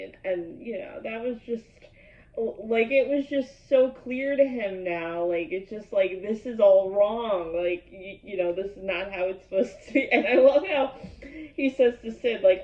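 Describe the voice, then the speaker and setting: A woman hosting an episode reaction vlog, talking excitedly and gushing with plenty of "like" fillers. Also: mid-range voice, measured pace. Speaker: YouTube host. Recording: echoey room, far from a dull mic.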